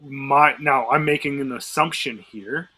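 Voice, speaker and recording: A man's voice: medium pitch, unhurried, sharp tone, low-quality recording. A man co-hosting a podcast, talking through a self-defense case in a loose, thinking-aloud way with many fillers and restarts. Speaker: podcast co-host. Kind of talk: casual discussion.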